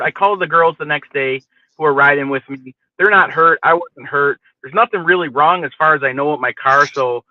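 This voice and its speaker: Guy with a higher voice telling a story, swears a lot, sounds thin like it's over a phone. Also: no echo, phone-quality sound. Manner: profane, animated, keeps asking "you know what I mean". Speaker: podcast host telling a story. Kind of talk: casual storytelling chat.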